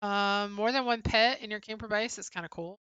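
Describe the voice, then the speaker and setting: A woman's voice: medium pitch, a little fast, bright, forceful tone, smooth, no echo, muffled recording. A young woman co-hosting a livestream, casually chatting and answering viewers' comments with frequent "um" fillers. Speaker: livestream co-host.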